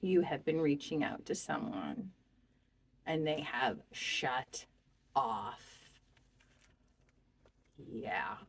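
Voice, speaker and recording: A woman doing a pick-a-card tarot reading, speaking to the viewer in a slow, heartfelt and expressive way. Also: deep voice, a little hiss or hum. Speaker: tarot reader.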